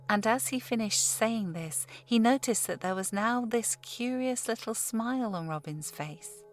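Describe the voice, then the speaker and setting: A woman narrating a horror audiobook in a measured, steady storytelling voice. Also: on the high side, soft background music. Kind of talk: scripted narration.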